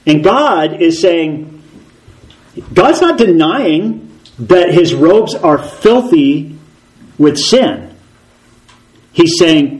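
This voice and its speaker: A man preaching a sermon in an animated way, asking rhetorical questions and acting out voices. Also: fairly high pitch, drawn-out words, long pauses, low-quality recording.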